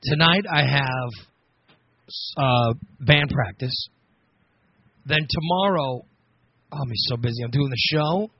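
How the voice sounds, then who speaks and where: A middle-aged American man hosting a casual comedy podcast, rambling and sarcastic, now and then breaking into loud mocking voices. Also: mid-range voice, slow, long pauses, breathy edge, no room sound, muffled recording. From United States. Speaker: podcast host.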